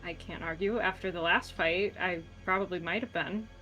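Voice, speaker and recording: Awkward young heroine played by a woman, soft and halting, bright tone. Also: lowish voice, fairly even intonation, faint music behind. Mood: hesitant. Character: young adult female adventurer, awkward and caring.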